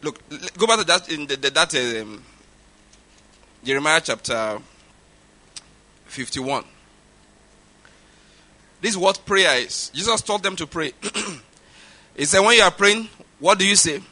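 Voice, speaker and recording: A man's voice: a little high, animated, a little slow, long pauses, bright, forceful tone. A middle-aged man with a Nigerian accent preaching a sermon, stressing his points and repeating them for emphasis. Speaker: pastor.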